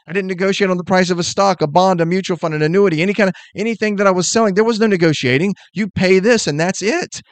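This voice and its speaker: A middle-aged man hosting a sales podcast, giving an energetic motivational talk in a fast, emphatic and blunt way. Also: high-pitched, smooth, dry recording.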